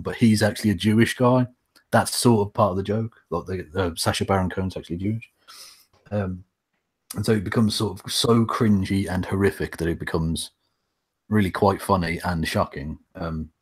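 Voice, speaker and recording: A man's voice: low voice, fairly quick, husky. A man with an English accent co-hosting a casual video call chat, wry and chatty with swearing. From England. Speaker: co-host.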